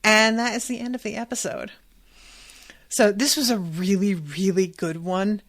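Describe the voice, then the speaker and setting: A woman in her thirties hosting a solo podcast, recapping a TV episode in chatty, animated storytelling with some swearing. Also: medium pitch, normal speed. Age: 30s. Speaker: podcast host.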